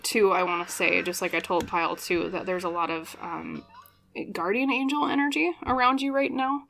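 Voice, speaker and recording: Bright-voiced woman giving a tarot reading. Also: fairly low pitch, gravelly. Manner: chatty, often checks in with "okay?"; earnest and apologetic, openly emotional. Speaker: tarot reader. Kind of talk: pick-a-card tarot reading.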